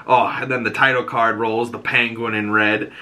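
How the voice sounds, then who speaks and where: A man hosting a podcast, recapping a TV episode in a casual, animated way, laughing and swearing often. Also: mid-range voice, normal speed. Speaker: podcast host.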